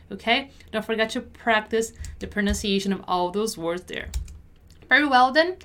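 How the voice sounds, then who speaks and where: A woman teaching business English pronunciation, repeating words and phrases slowly and deliberately for learners to copy. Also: mid-range voice, fairly bright tone. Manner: slow, deliberate repetition of words. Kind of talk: pronunciation lesson.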